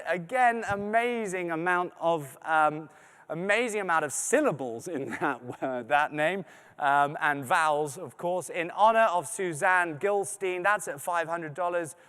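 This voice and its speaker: A man's voice: sits high, fairly bright tone, clean tone, in a large hall. A man hosting a live charity fundraising appeal, reading out donor names, thanking them and cracking jokes in between, in a large arts center venue.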